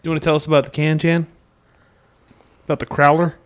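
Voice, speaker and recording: A man's voice: a little high, level tone, brisk, clean tone. A man hosting a casual beer review chat, upbeat and leading the talk. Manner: upbeat, leads the segment. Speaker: podcast host.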